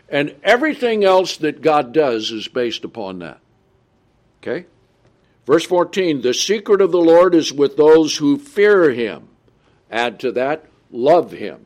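A man delivers a Bible study sermon at an unhurried, measured pace. He reads scripture aloud slowly and comments between the verses, often checking in with his listeners. His voice sits a little high for a man. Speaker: preacher.

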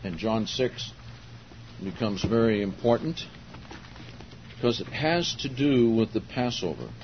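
An older man delivers a Bible-teaching sermon at an unhurried pace, lingering on words and punching the important ones. His voice sits at an ordinary pitch. The recording is dull and lo-fi, with a faint hiss underneath. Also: expressive. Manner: slow, deliberate, emphatic on key words, with asides to the congregation. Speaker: preacher.

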